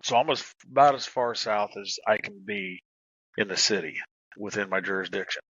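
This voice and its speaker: Relaxed low-voiced storyteller man. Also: moderate pace, husky, no room sound, muffled recording. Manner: laid-back, laughs while telling war stories, swears casually. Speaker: retired police officer, podcast co-host. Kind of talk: casual storytelling.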